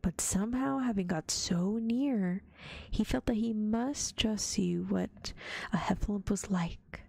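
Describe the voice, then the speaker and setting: A woman reading a children's storybook aloud in a gentle ASMR whisper. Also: medium pitch, a little slow, gravelly, husky, no echo. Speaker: vtuber storyteller.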